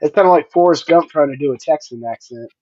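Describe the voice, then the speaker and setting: A man's voice: fairly high pitch, a little fast, mellow, dry recording. A man joking and needling the others in casual podcast banter. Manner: playful, needling jokes. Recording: dry, muffled call audio.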